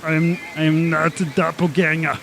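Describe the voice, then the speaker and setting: Cast: a man playing a vain, jittery secret keeper, high and gravelly, stammers. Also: flat delivery, normal speed, a bit bright, slight background noise. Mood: nervous, defensive. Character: nervous pompous male magistrate's secret keeper. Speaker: game master.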